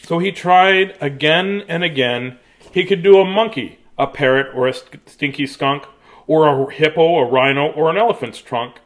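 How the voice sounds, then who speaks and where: A man's voice: fairly high pitch, moderate pace. A man reading his own picture book aloud to children in a sing-song, playful way, then chatting casually about it. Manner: sing-song, playful, drops to soft hush at endings. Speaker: children's book reader and author.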